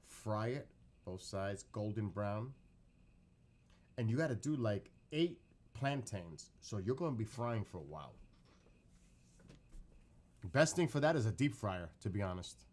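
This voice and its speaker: A man with a fairly low speaking voice chats about a home-cooked dish in a loose, rambling way. He gets excited, repeats himself, and backtracks to correct his steps as he explains. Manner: excitable, keeps repeating how hungry he is. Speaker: streamer reacting to his own cooking clip. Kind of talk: casual chat and recipe explanation.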